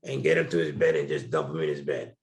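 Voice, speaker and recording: Extremely low and creaky, this man's voice moves at a quick pace. He's a middle-aged guest from New Jersey sharing frank, colorful stories in an interview, captured with a roomy echo.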